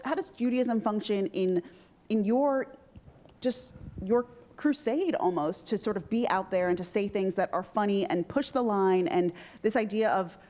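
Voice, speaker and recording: A woman's voice: medium pitch, dark tone. A woman moderating a panel conversation, asking long, thoughtful, winding questions.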